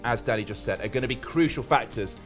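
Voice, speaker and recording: A man's voice: medium pitch, music in the background. A man co-hosting a live race show in casual, joking banter. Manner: fast-talking, joking.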